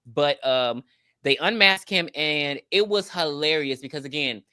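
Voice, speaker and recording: A woman's voice: sits low, animated, measured pace, sharp tone, clear, resonant tone, no echo, clean studio sound. A woman co-hosting a podcast, recapping a movie in casual, profane chat and acting out the characters' lines. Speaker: podcast co-host.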